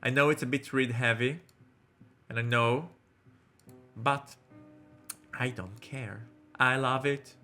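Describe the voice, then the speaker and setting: A man's voice: medium pitch, fairly even intonation, slow pace, long pauses, pushed and bright, soft background music. A man hosting a let's play, chatting casually between reading the game's dialogue aloud in voices. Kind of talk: casual game commentary.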